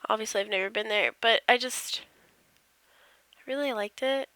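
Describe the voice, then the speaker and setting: A woman's voice: a little high, normal speed, sharp tone, dry recording. A woman casually narrating over her game build, rambling and self-deprecating, yawning as she goes. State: tired, yawning.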